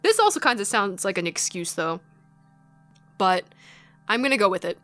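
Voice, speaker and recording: Excitable woman narrating a game. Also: mid-range voice, normal speed, no echo. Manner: chatty, excitable. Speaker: let's player. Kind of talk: game commentary.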